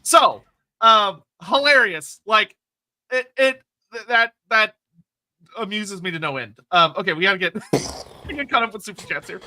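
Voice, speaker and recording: A man co-hosting a live lore stream, chatty and quick with asides. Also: high voice, expressive, bright, forceful tone.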